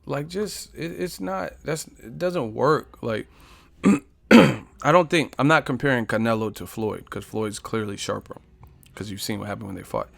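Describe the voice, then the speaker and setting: A man's voice: medium pitch, measured pace, vocal fry. A man hosting a boxing live stream in a casual, profane, joking way, reading viewer comments aloud and trash-talking back at them.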